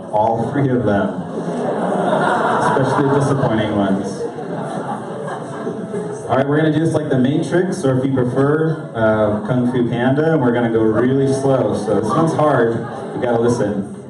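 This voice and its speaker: A man giving a playful sermon, joking with the audience and coaching it to repeat a line. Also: medium pitch. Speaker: speaker leading a church gathering. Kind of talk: playful crowd-led sermon. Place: large hall with an audience. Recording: echoey hall, far from mic, crowd noise.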